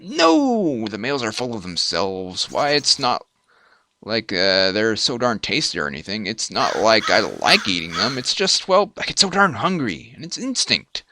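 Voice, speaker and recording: Guy doing a whiny lady spider, vain and huffy, pitch all over the place. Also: huge pitch swings, moderate pace, bright, forceful tone, exaggerated voice. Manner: whiny, self-pitying, huffy. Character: lonely, vain female giant spider, mother.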